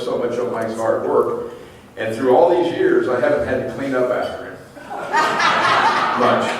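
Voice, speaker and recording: Middle-aged man roasting in an echoey hall. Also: mid-range voice. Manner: teasing, anecdotal, dry punchlines. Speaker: roast speaker at an awards dinner. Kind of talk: roast speech to a banquet audience. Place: large banquet hall. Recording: very echoey hall, distant mic, faint room noise.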